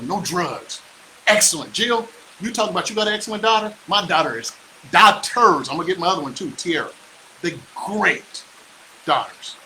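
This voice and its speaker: Fired-up bright-voiced middle-aged man. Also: on the high side, a little hiss or hum, rough recording. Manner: boastful, fired-up, preachy, with whoops. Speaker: real estate investor hosting a live stream. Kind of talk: motivational live-stream talk.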